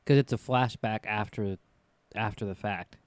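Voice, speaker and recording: A man's voice: lowish voice, fairly even intonation, normal speed, dry recording. A man co-hosting a podcast in casual chat, blunt and teasing with a dry wit. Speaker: podcast co-host.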